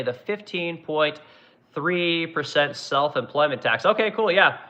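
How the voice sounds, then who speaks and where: A man holds forth on a ranting livestream, blunt and combative, cursing freely as he answers chat. His voice is bright and forceful, and the recording sounds dull and lo-fi. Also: a little high, moderate pace. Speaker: furniture manufacturer and livestream host.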